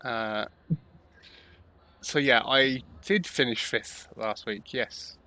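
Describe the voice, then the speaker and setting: A man casually commentating on a sim race, chatty and quick to laugh at himself. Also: medium pitch, bright, forceful tone. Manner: chatty, laughs often, self-deprecating. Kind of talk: casual live commentary banter.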